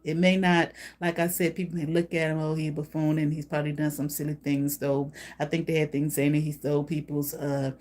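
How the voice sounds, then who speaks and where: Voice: medium pitch, flat delivery, a little fast, hardly any pauses, a little mellow. Emphatic casual tarot reader. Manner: emphatic, repeats "okay?" as a tag, blunt with casual swearing. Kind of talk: casual spoken tarot reading.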